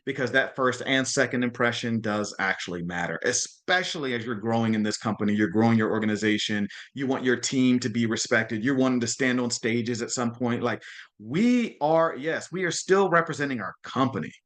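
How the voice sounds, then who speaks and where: A man's voice: mid-range voice, brisk, a bit bright. A man hosting a group video call, giving a casual talk and often checking in with his listeners. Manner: chatty, keeps checking in with "okay?" and "right?"; frequent restarts and repeated words. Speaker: host of a mastermind call.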